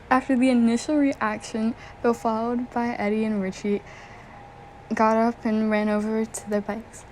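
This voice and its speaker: A woman's voice: fairly high pitch, darkish tone, a little hiss or hum, poor audio. Giggly young woman reading fan fiction. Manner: giggly, breaks off to react and joke. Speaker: story reader.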